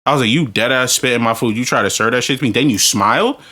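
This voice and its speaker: A man, drunk and telling crude stories on a podcast, ranting loudly with profanity and bursts of laughter. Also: medium pitch, fast, husky. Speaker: podcast co-host. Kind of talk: crude storytelling banter.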